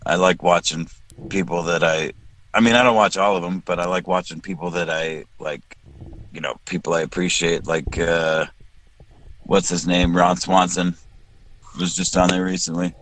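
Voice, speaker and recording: A man's voice: deep voice, steady tone, moderate pace, fairly bright tone, poor audio. A man from South Texas, a guest on a casual podcast call, chatty and joking, often restarting his sentences.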